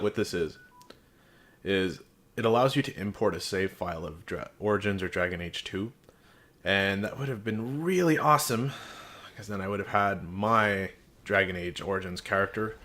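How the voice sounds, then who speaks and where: A man's voice: lowish voice, a bit bright. A man giving a casual, frank video game review, with sarcastic asides and dry jokes.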